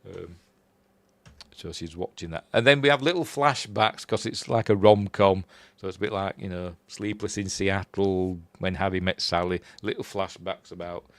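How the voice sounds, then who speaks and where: A man's voice: deep voice, moderate pace, no echo. A man with a Yorkshire accent casually recapping a horror film, rambling and chuckling as he goes. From Yorkshire, England. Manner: rambling, chuckling, quotes characters in a raised voice. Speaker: film reviewer.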